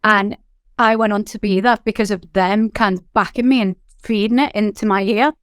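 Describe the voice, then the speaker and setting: Here a businesswoman who founded her own company speaks as an interview guest, candid and chatty in a Liverpool accent; she's from Liverpool, England. Her voice sits in the mid range, smooth and resonant, as she rattles off animated stories studded with "like" and "you know." The recording is dry and close.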